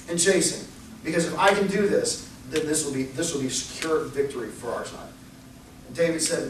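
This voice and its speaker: A young adult man preaching a sermon, telling Bible stories in a lively way and acting out the people he quotes. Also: on the high side, fairly quick, a little hiss or hum. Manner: animated storytelling, acts out quoted voices. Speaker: pastor. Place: church sanctuary. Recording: echoey church recorded from far off.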